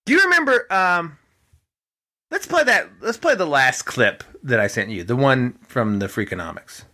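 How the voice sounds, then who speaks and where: A man's voice: mid-range voice, normal speed. A man hosting a podcast, talking in a rambling, conspiratorial monologue with many restarts and quoted voices. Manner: rambling, restarts, animated quoting of others. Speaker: podcast host.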